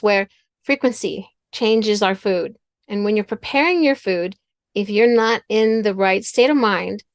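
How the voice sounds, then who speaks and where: A middle-aged woman, a talk show guest with a mid-range voice, teaches through a story from her own family life. She speaks earnestly, often repeating words and phrases as she works through her point, and the recording is dry and close with no room sound.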